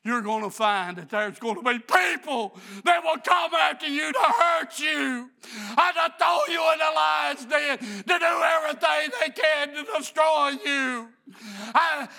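A man preaching a sermon in church with an impassioned, shouting cadence. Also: very high voice, slow pace, gravelly. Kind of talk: fiery preaching.

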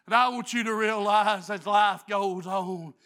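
A man preaching a sermon in church with an impassioned, shouting cadence. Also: sits high, measured pace. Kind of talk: fiery preaching.

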